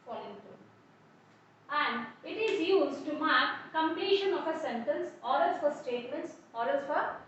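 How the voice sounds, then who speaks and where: High-voiced woman lecturing in an echoey room. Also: a little hiss or hum. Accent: Indian English. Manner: explains step by step with many examples. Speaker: college English lecturer. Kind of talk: online class lecture. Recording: echoey, distant, muffled room recording.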